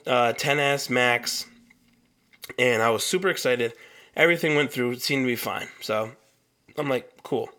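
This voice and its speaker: A man's voice: medium pitch, a bit bright. A young man hosting a solo podcast, telling a long story in a heated, profane rant. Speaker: podcast host.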